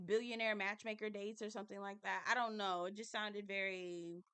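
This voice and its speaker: A woman's voice: medium pitch, lively intonation, a little slow, fairly bright tone, clear, resonant tone, no echo. A woman recapping a reality show in a casual, candid and chatty way, swearing now and then.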